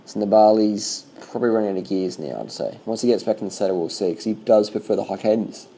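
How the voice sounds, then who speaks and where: A man casually commenting on bike race footage as a vlogger, swearing freely and talking in loose animated bursts. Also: on the low side, quick pace, vocal fry, slight background noise, rough recording.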